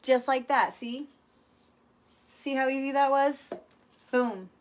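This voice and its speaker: A woman's voice: sits high, slow pace. Playful woman demonstrating painting techniques. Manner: chatty, playful, talks to viewers. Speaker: furniture painting host.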